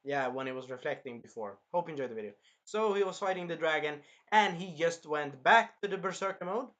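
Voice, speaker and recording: Young male host, casual rambling reviewer, bright forward voice. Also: fairly high pitch, lively intonation, fairly quick. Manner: rambling, filler-heavy, acts out scenes.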